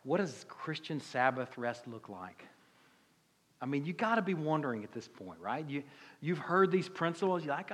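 Folksy Southern preacher in a reverberant hall. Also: male voice, fairly high pitch, sing-song, normal speed, a bit bright, slightly rough. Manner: conversational, folksy preaching with rhetorical questions. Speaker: pastor. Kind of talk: sermon. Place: church sanctuary.

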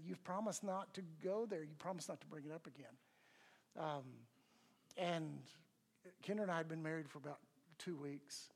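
A man's voice: sits high, a little mellow, breathy edge. An older man, a pastor, teaching a church class in a conversational way, often asking the audience questions.

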